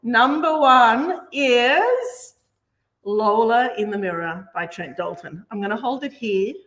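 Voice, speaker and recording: Upbeat female presenter with a mid-pitched voice, fronting a reading segment. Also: moderate pace. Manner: enthusiastic, chatty. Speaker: host. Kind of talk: book show presenting.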